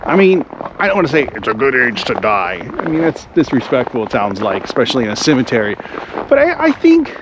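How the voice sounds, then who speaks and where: A travel vlogger talks briskly in a medium pitch that swoops wildly, heard through lo-fi sound with background noise. He's wandering a snowy cemetery outdoors in winter, rambling casually and leaning heavily on "like."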